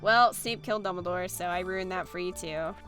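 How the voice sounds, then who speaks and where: A woman's voice: lowish voice, fairly quick, a bit bright, faint music behind. A young woman streamer chatting casually while playing, reading viewer comments aloud with a playful, filler-heavy way of talking. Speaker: gaming streamer.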